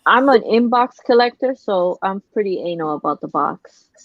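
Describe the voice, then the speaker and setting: A woman's voice: mid-range voice, lively intonation, moderate pace, dry recording. A woman from the northern United States chatting as a guest collector, laughing often with hesitant fillers. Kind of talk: casual chat. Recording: dull lo-fi call audio.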